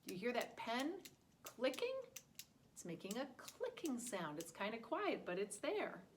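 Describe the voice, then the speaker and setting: A woman's voice: a little high, huge pitch swings, a little slow, slight background noise. A woman teaching a listening lesson to preschool children, talking in an exaggerated, sing-song way.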